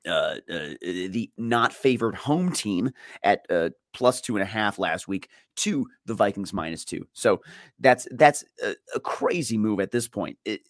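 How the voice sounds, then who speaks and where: Man, sports betting co-host, low voice, dry close sound, chatty, repeats himself. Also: expressive, unhurried, no echo. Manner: chatty, self-deprecating, repeats words while thinking. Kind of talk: casual betting picks chat.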